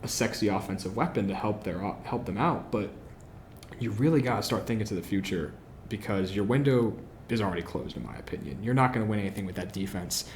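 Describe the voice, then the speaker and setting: Opinionated man talking football, low voice. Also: animated, a little fast, slight background noise. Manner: opinionated, asks questions then answers them, frequent "you know" and "um". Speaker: podcast host. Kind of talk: solo football analysis podcast.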